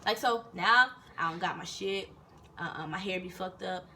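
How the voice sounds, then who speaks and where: A young woman vlogger telling a casual story in an animated way, swearing freely and acting out what people said. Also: on the low side, normal speed, noisy background.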